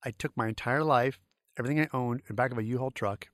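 A middle-aged man from St. Louis tells animated, rambling stories as a podcast guest, with lots of uh's and restarts. His voice sits at an ordinary pitch and sounds close and dry. His tone is easygoing. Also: fast talker, dry recording. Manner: animated, rambling anecdotes with many fillers. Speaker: guest, creature effects artist. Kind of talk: casual storytelling interview.

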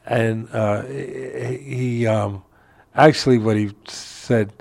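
An older man, a boxing trainer, telling a story in a casual interview from his home, animated and laughing as he talks. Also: mid-range voice, takes it slowly, vocal fry. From New York area.

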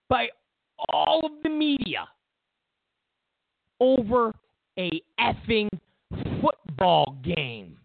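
A man's voice: high-pitched, extremely slow, creaky, pauses often, dry recording. A man hosting a political commentary show, delivering an emphatic, mocking monologue. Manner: emphatic, animated, mocking asides. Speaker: show host. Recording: tinny phone-like audio, dry.

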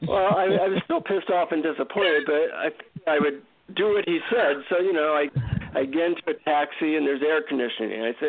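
A man, a guest author, telling an animated, self-mocking story in an interview over a tinny phone line. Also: fairly high pitch, a little fast, gravelly.

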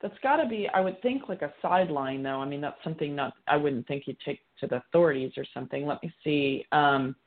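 A woman's voice: low voice, quick pace, hardly any pauses, phone-quality sound. A woman psychic medium giving a live reading on a call-in show, chatty, relaying messages as quotes.

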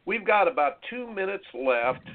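A male radio host interviewing a guest in an earnest, measured way, asking his questions slowly. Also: high-pitched, sing-song. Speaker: radio show host and tennis coach. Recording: phone-like narrow sound.

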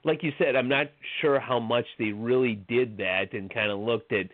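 A man's voice: mid-range voice, moderate pace, no room sound. Man rambling about basketball, tinny line. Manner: rambling, many fillers and restarts. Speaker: sports blogger. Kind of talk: casual sports podcast chat. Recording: tinny phone-like audio.

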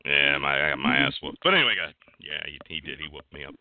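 A man with a low voice hosts a relaxed sports talk show over a phone-quality line. He rambles loosely between football talk and heartfelt asides. The audio is thin and tinny. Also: racing, slight background noise. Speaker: podcast host.

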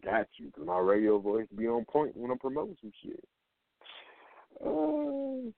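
A man's voice: medium pitch, very animated, a little slow, vocal fry, pauses often, no echo. Radio host, man, loose and profane, dry sound. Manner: loose, profane, rambling with restarts. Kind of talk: casual radio talk. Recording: phone-line audio.

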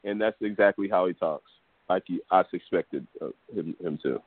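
A man's voice: low-pitched, normal speed, breathy edge, no echo. A man from the US Gulf Coast co-hosting a boxing talk show, blunt and opinionated. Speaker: co-host. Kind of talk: casual sports talk. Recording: dry, tinny phone-like audio.

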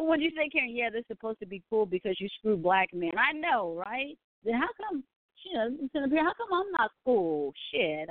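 A slightly high female voice, with no room sound, belongs to a livestream host reading viewer comments from home. She's chatty and blunt, laughs a lot and swears freely, all captured in a dry, tinny, phone-like recording.

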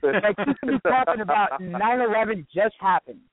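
A man's voice: sits high, expressive, normal speed, dry recording. A man filling in as co-host on a comedy talk show, joking brashly and swearing in casual chat. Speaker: fill-in co-host. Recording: dry phone-like audio.

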